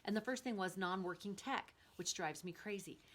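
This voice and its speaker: A middle-aged woman host telling personal stories in a casual, earnest and animated way. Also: mid-range voice, normal speed. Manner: earnest, animated storytelling with rising excitement.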